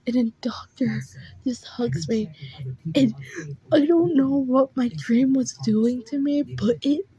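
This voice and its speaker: Slow, mellow-voiced young woman rambling. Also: sits high, breathy edge, muffled recording. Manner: rambling, heavy use of "like", frequent restarts; emotional, recounting dreams. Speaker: vlogger. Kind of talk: casual storytelling.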